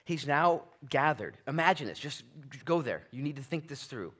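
A man preaching a conversational Bible-study sermon as pastor, animated, moving between loud emphasis and quiet asides. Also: fairly high pitch, normal speed. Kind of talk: expository sermon. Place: church sanctuary.

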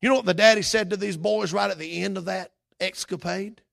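A male pastor preaching in an impassioned sermon style. His voice sits high for a man, and it is heavily gravelly and bright. He swells into shouts for emphasis. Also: steady tone, a little fast.

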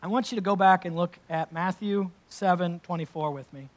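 A pastor delivers a sermon in a slightly high male voice. He moves between scripture reading and emphatic, conversational explanation. He adds casual asides as he preaches. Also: brisk.

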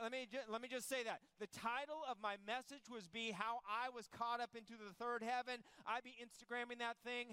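A man's voice: sits high, sharp tone, smooth, no room sound. A man preaching a sermon as pastor, reading scripture and joking conversationally with the congregation.

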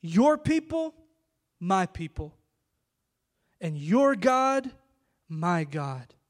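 A man voicing a devoted young widowed woman who makes a solemn, emphatic vow in a fairly high voice. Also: very animated, drawn-out words, heavily acted.

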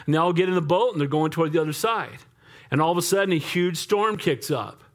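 A male pastor preaching a sermon in a lively, conversational way, often asking the congregation for an amen. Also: on the high side, quick pace.

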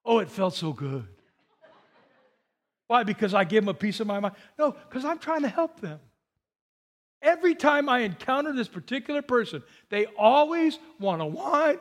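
A male pastor preaching a sermon, animated, moving between loud high emphasis and quiet low asides. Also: moderate pace.

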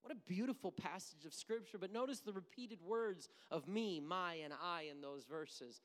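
A pastor preaches a sermon, swinging between hushed near-whispers and loud, emphatic bursts. His medium-pitched voice is expressive, his pace moderate, and a long reverb tail trails his words.

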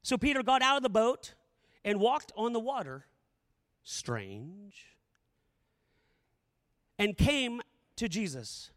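A man's voice: high-pitched, animated, takes it slowly, pauses often, a bit bright, big-room sound. A middle-aged male pastor preaching a sermon, telling the story dramatically and repeating phrases for emphasis.

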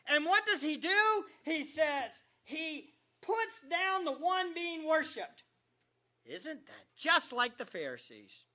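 A man's voice: extremely high pitch, very animated, slow pace, bright, forceful tone, muffled recording. A male pastor preaching a sermon in a conversational, joking way, quizzing the congregation as he goes.

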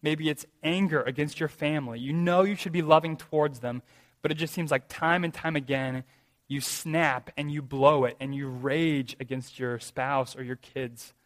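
A man's voice: fairly high pitch, fairly even intonation, moderate pace, big-room sound. A man preaching a sermon as pastor, earnest and emphatic, asking his listeners rhetorical questions.

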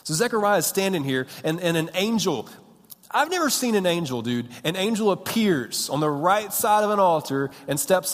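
A man in his thirties preaching a sermon, telling stories in an animated, self-mocking, punchy way. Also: high voice, normal speed. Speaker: pastor. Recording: hall with long reverb.

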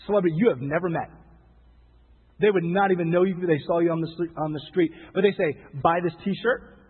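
A man preaching with a somewhat high, husky voice and a conversational, emphatic delivery that repeats phrases and acts out quoted voices. The sound is thin and phone-like, with a long reverb from a large hall. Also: fast talker. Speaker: pastor. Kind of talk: sermon.

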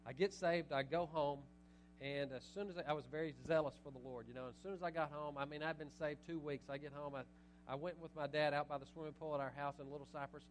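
A middle-aged pastor preaching a sermon, animated, moving between loud urging and quiet asides. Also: male voice, on the high side, quick pace, a little hiss or hum, rough recording.

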